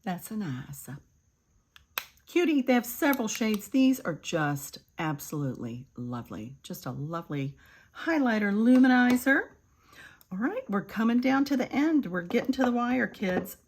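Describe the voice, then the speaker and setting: Chatty older woman with lively pitch. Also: slightly rough. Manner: chatty, addresses viewers as kids, drifts into soft murmurs. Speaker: beauty vlogger. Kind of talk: makeup tutorial chat.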